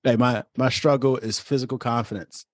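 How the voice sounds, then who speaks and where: A man's voice: mid-range voice, fairly even intonation, moderate pace, no echo. A man in his thirties hosting a casual podcast, joking and swearing freely. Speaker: podcast host.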